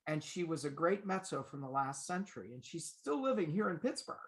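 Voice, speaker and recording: Middle-aged man telling a lively anecdote. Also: a little high, a little fast. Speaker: vocal coach and pianist. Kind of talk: conversational interview.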